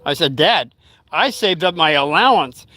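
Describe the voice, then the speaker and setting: High bright-voiced older man rambling. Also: expressive, a little slow, no room sound. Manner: rambling, chatty, breaks off to talk to his dog and chat. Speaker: vlogger. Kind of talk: casual storytelling livestream.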